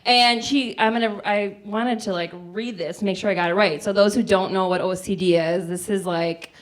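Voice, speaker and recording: A woman in her forties from the Midwest, telling a comic personal story on a small theater stage, chatty and full of "like". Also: mid-range voice. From American Midwest. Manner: chatty, lots of "like", acts out quoted voices. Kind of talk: live comedic storytelling.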